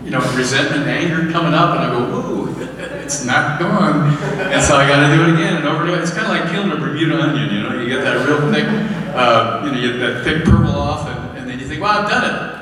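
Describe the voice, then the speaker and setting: A male pastor giving a sermon, telling candid stories with self-deprecating laughs and climbing high and loud for emphasis. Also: racing, hardly any pauses, crowd noise. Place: church sanctuary. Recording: echoey hall, voice from far off.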